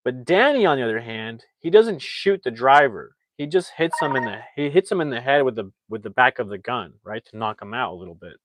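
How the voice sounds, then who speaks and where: A man casually recapping a movie plot, talking excitably and restarting his sentences often. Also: mid-range voice, fairly quick, hardly any pauses, no echo. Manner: rambling, excitable, frequent restarts and "like". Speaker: movie reviewer.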